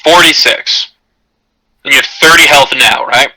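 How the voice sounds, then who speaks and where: A man's voice: on the high side, a little slow, sharp tone, no echo, rough recording. A man narrating a tabletop game as game master, in a loose, rambling way with many fillers.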